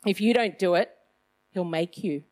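A woman's voice: lowish voice, moderate pace, darkish tone. A middle-aged woman giving a casual Christian talk, chatty and self-mocking, with loose phrasing and plenty of fillers. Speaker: Christian speaker.

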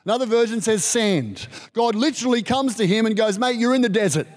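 Male pastor, higher voice, lively sermon delivery, acts out the voices in his stories. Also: fairly quick. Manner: animated, acts out quoted voices.

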